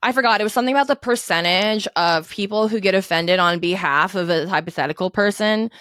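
A woman's voice: mid-range voice, quick pace, a bit bright, no echo, studio quality. A woman comedian hosting a podcast, chatting casually in a rambling, self-deprecating way.

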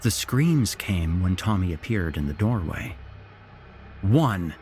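A man hosting a horror podcast, reading a story in an expressive, unhurried narration. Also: low voice, a little hiss or hum.

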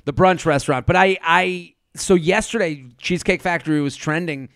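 Animated man with a smooth, higher voice. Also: moderate pace, dry recording, clean studio sound. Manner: animated, rambling, stammering restarts. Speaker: podcast co-host. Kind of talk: casual chat. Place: remote recording over a video call.

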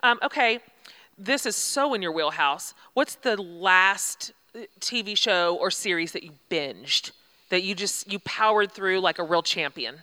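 A middle-aged woman hosting a casual chat, with a bright voice at an average pitch. She asks questions in a playful, teasing way. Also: expressive, measured pace. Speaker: host.

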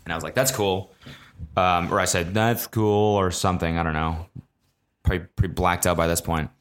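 A man's voice: low-pitched, flat delivery, quick pace, fairly bright tone, smooth. A young man hosting a podcast, telling a story in a rambling, profane, self-mocking way, full of fillers. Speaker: podcast host. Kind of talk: casual solo storytelling.

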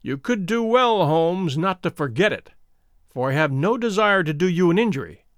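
A man voicing a fierce, imposing middle-aged explorer in a deep, gruff storybook voice. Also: animated, normal speed, no room sound, studio quality. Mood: menacing.

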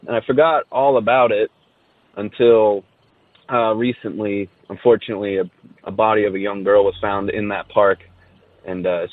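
Caller: a rambling man from Southern California with a lowish voice, heard through a dry, tinny phone line. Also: no room sound. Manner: rambling storyteller, many fillers. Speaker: caller sharing a ghost story. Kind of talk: casual recorded voice message.

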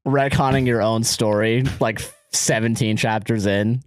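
A man's voice: on the low side, fairly even intonation, a little slow, dry recording. Man co-host, dry close sound, jokey, laughs a lot. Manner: joking, laughs often. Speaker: podcast co-host. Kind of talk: casual chat.

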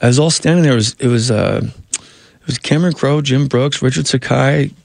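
A man's voice: medium pitch, normal speed, creaky, a little mellow, no echo. A man, a comedian and actor, telling rambling anecdotes in a casual interview, often cutting himself off.

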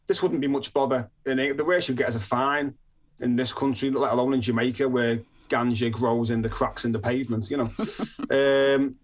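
A man from northern England telling his story as a podcast guest, lively and acting out the people he quotes. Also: medium pitch, highs cut off. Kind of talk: storytelling interview.

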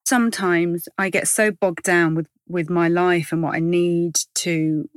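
A candid, chatty woman, telling stories in a relaxed interview with plenty of self-corrections. Her voice sits on the lower side, and the close mic keeps it dry and free of room sound. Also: unhurried, smooth, dry recording. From Iran. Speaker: comedian guest. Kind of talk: casual podcast interview.

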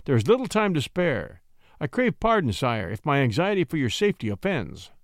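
A man's voice: fairly high pitch, very animated, brisk, no room sound, clean studio sound, voice pushed up. A man voicing a stern, harsh-voiced duke who is suspicious and zealous, giving clipped orders. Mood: urgent.

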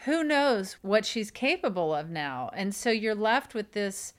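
A woman's voice: mid-range voice, sing-song, measured pace. A woman co-hosting a comedy podcast with dry, joking banter. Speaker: podcast co-host. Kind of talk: casual comedy chat.

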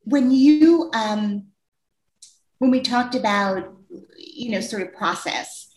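A woman hosting an interview, enthusiastic and quick with agreement as she asks about acting. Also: a little high, lively intonation. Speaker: interview host. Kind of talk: casual interview chat. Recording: echoey room sound.

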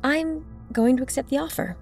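Young wife, teasing and upbeat, slight fry, voiced by a woman; faint music bed. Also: sits high, a little fast, a little mellow. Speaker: narrated story character. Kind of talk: audio drama dialogue.

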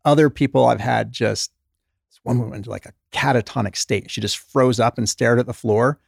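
A man's voice: mid-range voice, normal speed, creaky, slightly rough, dry recording, clean studio sound. A middle-aged man, a former doctor, telling stories in an interview and acting out the voices of the patients he quotes. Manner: animated storyteller who acts out patient quotes. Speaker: former doctor, author, guest. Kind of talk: conversational interview storytelling.

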